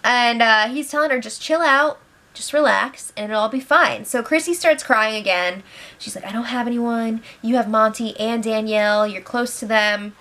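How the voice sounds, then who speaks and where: A young woman giving a casual spoiler recap from home, chatty, laughing often and quoting people in lively voices. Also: a little high, moderate pace. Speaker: reality show recap host. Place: home, with pets nearby.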